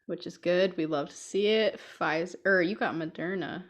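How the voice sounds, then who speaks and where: A young woman with a fairly low voice and moderate pace co-hosts a podcast at home, a cat nearby. Her talk is casual and full of stories and frequent laughter.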